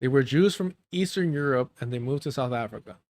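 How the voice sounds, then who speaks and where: A man's voice: medium pitch, a little fast, a little mellow, dry recording. A man giving live reaction commentary on a clip, mocking and profane, breaking into laughter.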